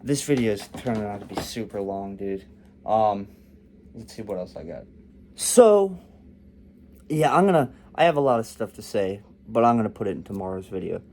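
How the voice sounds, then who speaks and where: A man's voice: fairly low pitch, expressive, moderate pace, darkish tone, slight background noise. A young man vlogging in a loose, rambling, joking monologue.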